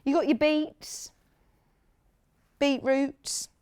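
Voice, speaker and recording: A woman's voice: high-pitched, steady tone, extremely slow, a little mellow. A woman from the UK presenting sewing products on a live TV shopping channel, chatting with enthusiasm and gushing over fabrics. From United Kingdom. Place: TV studio.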